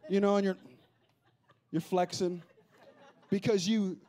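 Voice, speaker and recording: A pastor preaching a lively, humorous sermon, acting out the people he quotes. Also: high-pitched, slow. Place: church auditorium.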